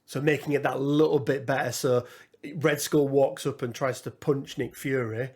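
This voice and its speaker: A man's voice: medium pitch, fairly even intonation, normal speed, slightly rough. Man musing in casual gaming chat. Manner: musing, thinks aloud with frequent restarts and fillers. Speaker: podcast co-host.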